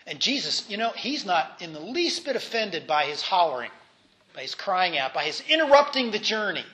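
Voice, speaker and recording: Man, high voice, bright tone, casual Bible teaching, chatty with restarts. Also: big pitch swings, moderate pace, a little hiss or hum. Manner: conversational, many fillers and restarts, voices quotes in asides.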